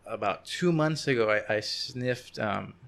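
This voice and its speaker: Gravelly-voiced young man, podcast guest. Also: medium pitch, a little slow, fairly bright tone. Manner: open, easygoing storytelling. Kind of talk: casual chat.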